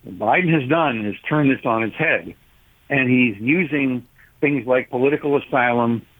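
A man phoning in to a radio show, his husky voice squeezed through a narrow telephone line. He argues forcefully, with sardonic jabs, at a middling pitch. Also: moderate pace. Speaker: caller, policy advocate. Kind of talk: talk radio phone-in. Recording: tinny phone line.

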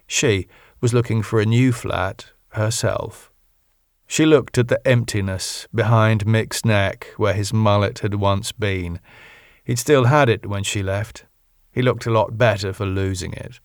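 Low-voiced audiobook narrator. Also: male voice, steady tone, unhurried, no room sound, clean studio sound.

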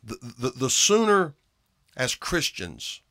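A man's voice: mid-range voice, very animated, takes it slowly, bright, forceful tone. A man preaching a sermon in an earnest way, often repeating phrases and restarting his words for emphasis.

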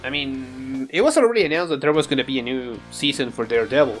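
A podcast host in their thirties who leads the topics in an animated, casual chat. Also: medium pitch, quick pace, faint music behind.

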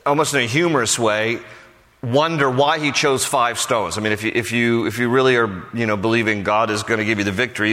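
Male pastor, bright forceful voice, casual sermon delivery, lots of fillers, long hall echo. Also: medium pitch. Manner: conversational, with frequent fillers and restarts.

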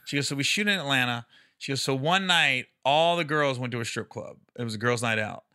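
A man telling comedy stories on a casual podcast, acting out quotes in high squeaky voices and laughing often. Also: brisk, clear, resonant tone, dry recording, clean studio sound. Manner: animated storyteller who acts out quotes with high squeals and laughs. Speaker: comedian guest.

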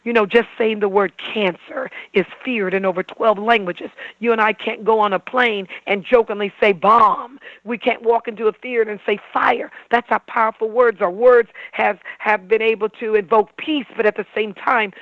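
High-pitched male guest coach, punchy persuasive delivery, dry muffled sound. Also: no room sound. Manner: emphatic, persuasive, acts out examples. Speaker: guest speaker, communication trainer. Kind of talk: animated interview talk.

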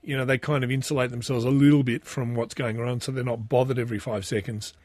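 A man's voice: medium pitch, little pitch movement, quick pace, darkish tone, no room sound. A middle-aged Australian man telling a rambling, self-deprecating family anecdote in a casual, chatty way. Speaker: storyteller.

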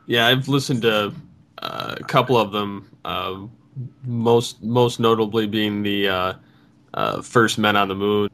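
A male interviewer asks his questions slowly and hesitantly, with plenty of fillers. His voice sits low and his pace is unhurried. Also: fairly even intonation, a bit bright. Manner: slow, hesitant, many fillers.

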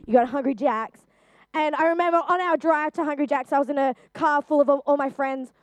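A young woman shares a personal testimony in an earnest, chatty way, with lots of "um" and "like." Her voice sits slightly high. The sound is close and dry, with no room echo. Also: a little fast. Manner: earnest, chatty, with frequent fillers. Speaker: youth speaker.

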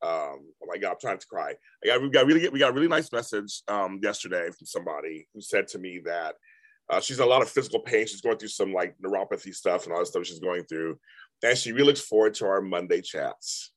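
A man co-hosting a casual chat podcast, emotional and animated, often repeating himself. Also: low-pitched. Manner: animated, emotional, quick repetitions. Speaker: podcast co-host.

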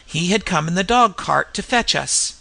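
A reader narrating a Victorian mystery story aloud in a measured, storytelling manner. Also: mid-range voice, expressive, creaky, pushed and bright. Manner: measured storytelling with character voices. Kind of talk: audiobook narration.

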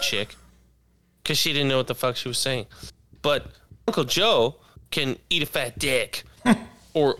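A man with a bright, crisp voice rants on a casual podcast. He swears freely, stammers through restarts, and leans into sarcasm. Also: fairly high pitch. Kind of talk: casual crude podcast banter.

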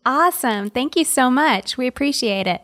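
A woman co-host with a fairly high voice chimes in with quick, bubbly, upbeat reactions. She sounds set back from the mic, with a long reverb trailing her words. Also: lively intonation, fairly bright tone. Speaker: podcast co-host. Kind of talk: casual chat.

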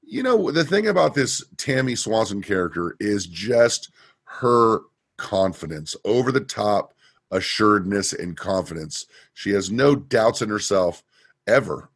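Low gravelly guy recapping a tv episode, husky, dry close sound. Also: measured pace, dry recording. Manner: animated retelling with quoted lines and laughs. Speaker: podcast co-host. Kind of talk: casual chat recapping a TV episode.

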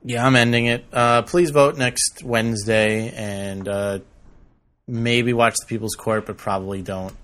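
A man's voice: medium pitch, steady tone, unhurried, fairly bright tone. A man hosting a casual comedy podcast, joking around and laughing often. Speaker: podcast host.

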